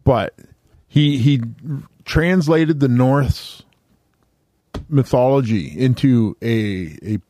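A man telling a story slowly and casually, stopping and restarting often and swearing freely. His voice sits at an ordinary pitch. The sound is dry and close, with no room echo. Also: warm tone. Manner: loose, profane, halting with fillers. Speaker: podcast host.

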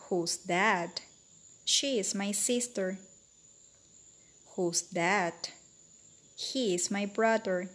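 A woman teaching a bilingual vocabulary lesson for children, speaking slowly, clearly and repetitively. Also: medium pitch, fairly bright tone.

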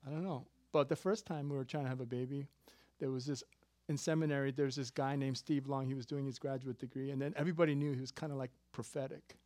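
A man in his fifties preaching a sermon as pastor, animated and jokey, swinging from loud emphasis to quiet asides. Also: medium pitch, fast talker, few pauses, dry recording. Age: 50s.

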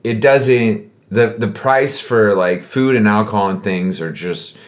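A man's voice: on the low side, unhurried. A man from the United States co-hosting a casual podcast, telling stories in a rambling way with swearing. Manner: rambling, profane, storytelling. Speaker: podcast co-host. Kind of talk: casual chat.

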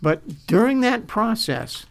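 An older man who is a pastor, earnestly telling his life story in an interview, halting and repeating words as he remembers. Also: high voice, very animated, creaky. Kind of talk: personal storytelling in a faith interview.

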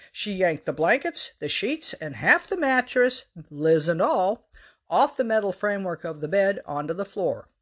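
Lady author reading her story out loud, wry with dry little asides. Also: lowish voice. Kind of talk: storytelling narration.

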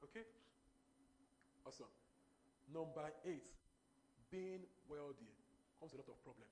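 Emphatic high-voiced preacher. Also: male voice, unhurried, slight background noise. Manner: emphatic, repeats words, rising to loud animated bursts. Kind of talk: sermon.

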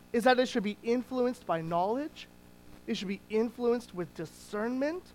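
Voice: medium pitch, poor audio. Conversational preacher, stressing key words. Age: adult parent. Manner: conversational teaching with many small restarts. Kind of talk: sermon.

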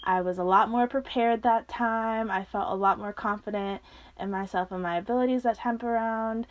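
A young woman in her twenties hosting a podcast, telling a personal story in a casual, animated way, often laughing and acting out what others said. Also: on the high side, normal speed, muffled recording. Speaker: podcast host.

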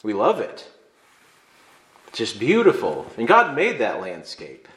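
A man's voice: fairly low pitch, huge pitch swings, unhurried, a bit bright, slight background noise. A man from Illinois preaching a sermon as pastor, conversational and emphatic, building to fervent stress. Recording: echoey room.

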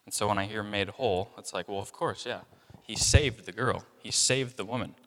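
Young guy preaching, chatty and loose, lotsa fillers, bright forceful voice, big hall echo. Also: fairly low pitch, moderate pace. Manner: conversational, many fillers, acts out voices of people in the story. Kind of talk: casual sermon.

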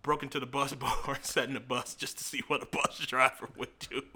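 A man's voice: medium pitch, flat delivery, brisk, sharp tone, husky. A man co-hosting a podcast, talking in a playful, theatrical, self-mocking way. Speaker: podcast co-host. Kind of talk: casual comedic chat.

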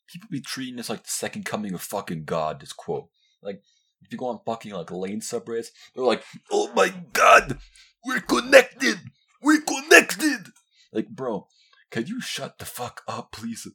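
A young man hosting his own podcast, ranting casually and profanely, rambling with constant fillers. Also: husky. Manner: mocks others in high squealing voices. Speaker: podcast host. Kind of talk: casual solo rant.

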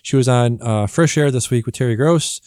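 A man co-hosting a podcast, explaining things in relaxed chat with many fillers. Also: mid-range voice, normal speed, no room sound, studio quality. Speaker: podcast co-host. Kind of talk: casual chat.

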